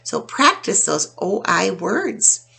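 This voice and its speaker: A woman teacher giving a phonics lesson to children, sounding out each word slowly and clearly. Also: medium pitch, very animated, pushed and bright. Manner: slow, clear, drawn-out sounding out of words.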